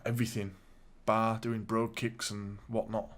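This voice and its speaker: A man's voice: on the low side, moderate pace. Chatty man recapping wrestling. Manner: animated, acts out quotes with laughs. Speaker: podcast host. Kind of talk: casual wrestling recap chat.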